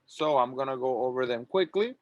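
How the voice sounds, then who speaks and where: A man teaching an English grammar lesson, reading model sentences slowly and clearly for students to repeat. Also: mid-range voice, dry recording, muffled recording. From Latin America. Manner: slow, drawn-out model sentences.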